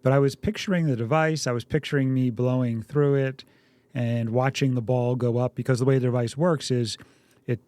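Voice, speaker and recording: A man co-hosting a parenting podcast, telling lively family stories and acting out shouted quotes. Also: medium pitch, dry recording. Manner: lively storyteller, acts out yelling quotes. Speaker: podcast co-host. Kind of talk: casual conversational podcast.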